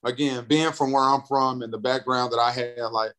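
With a mid-range voice at normal speed, a young man from North Carolina, a radio and TV personality appearing as a podcast guest, tells an excited story. He gets animated, doing the voices of characters and frequently repeating words.

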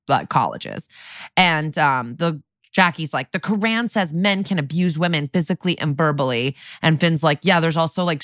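A woman's voice: low voice, fairly bright tone, no echo, studio quality. A young woman co-hosting a podcast, recapping a TV episode in casual chat, laughing often and quoting characters in put-on voices.

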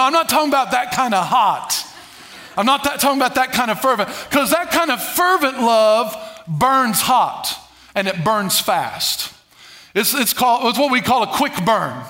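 Man preaching, very high voice, swings from loud bursts to muttered asides, has the congregation repeat after him. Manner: preaches with call-and-response to the congregation. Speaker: pastor. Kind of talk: sermon.

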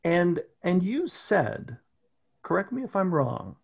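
A man running a tabletop role-playing session, narrating scenes slowly and deliberately. His voice has a husky, slightly breathy edge, and he lets every detail land. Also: high voice, very animated, lo-fi sound. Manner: slow, deliberate scene-setting. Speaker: game master.

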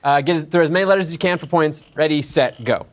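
A woman's voice: deep voice, fast talker, noisy background. A woman hosting an improv game show, giggly and explaining the rules casually. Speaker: host.

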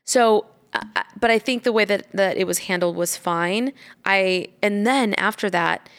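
A mother telling a story in casual chat, animated, swearing freely and acting out what she said. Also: mid-range voice, moderate pace. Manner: animated, swears freely, acts out quoted lines.

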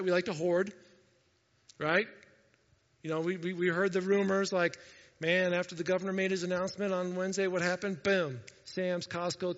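Man, casual Bible teaching, high voice, conversational, dull recording with long reverb. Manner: conversational, animated, asks listeners questions. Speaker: pastor.

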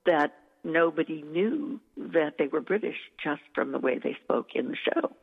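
Animated and speaking at normal speed, a woman with a low, gravelly, breathy-edged voice tells stories in an interview. She is a dialect coach, effusive and enthusiastic, recorded in an echoey, tinny phone-like way.

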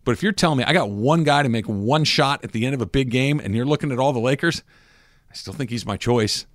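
A man's voice: mid-range voice, fast, no room sound, studio quality. Emphatic male sports radio host. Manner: emphatic, repeats words to drive points home. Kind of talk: casual sports talk radio. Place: radio studio. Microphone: studio microphone.

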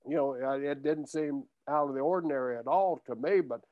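A man's voice: mid-range voice, a little fast, no room sound. A man in a casual podcast chat, telling stories and laughing easily. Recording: dull lo-fi dry audio.

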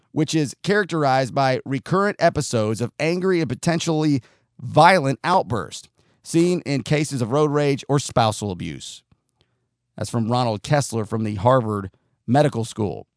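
A man's voice: mid-range voice, dry recording, clean studio sound. A man hosting a talk show, giving a blunt, profane monologue and sometimes acting out angry drivers. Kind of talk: opinionated monologue.

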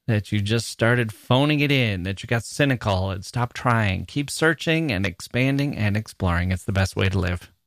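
A man's voice: lowish voice, creaky, fairly bright tone, dry recording, clean studio sound. Playful American man hosting a podcast. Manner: playful, jokey, self-mocking. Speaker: podcast host. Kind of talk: casual podcast commentary reading listener mail. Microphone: studio microphone.

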